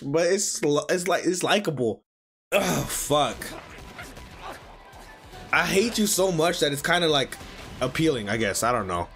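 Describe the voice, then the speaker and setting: A young man hosting an anime reaction video, swearing and yelling at the screen as he watches. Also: fairly high pitch, measured pace, pauses often, soft background music. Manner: excitable, yells and swears at the screen. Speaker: anime reaction channel host. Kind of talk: reacting live to an anime episode.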